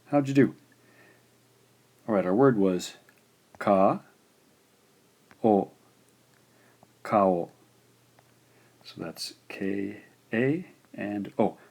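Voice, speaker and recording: A man with a very low voice gives a patient beginner lesson. He walks through each stroke step by step and repeats syllables slowly and clearly so learners can follow. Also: mellow. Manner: slow, deliberate, patient, enunciating syllables. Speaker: Japanese teacher. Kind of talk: instructional explanation.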